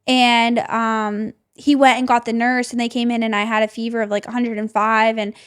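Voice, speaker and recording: A woman's voice: little pitch movement, normal speed, clear, resonant tone. A young woman hosting a podcast, telling a personal story in a chatty way, with "like" in nearly every sentence. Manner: chatty, says "like" constantly, drops to a soft low voice for tense parts. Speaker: podcast host. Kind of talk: personal storytelling, casual chat.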